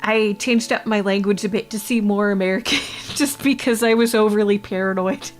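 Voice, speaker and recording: A woman's voice: mid-range voice, fairly even intonation, moderate pace, soft background music. A woman from Canada, chatting casually with her livestream chat, rambling and laughing often. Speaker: VTuber streamer.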